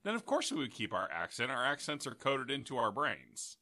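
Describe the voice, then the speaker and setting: A man trading jokes in a casual podcast chat, his voice very bright and ringing. His pitch sits a little high and jumps around a lot as he riffs and laughs. The sound is close and dry. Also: wildly swooping pitch, brisk, no echo. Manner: playful, joking, laughs often. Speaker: podcast co-host.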